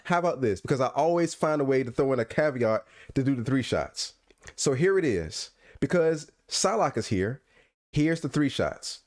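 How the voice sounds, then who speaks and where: Lively, teasing male podcast host. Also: mid-range voice, moderate pace. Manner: playful, teasing, laughs often. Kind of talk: casual livestream chat. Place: at home.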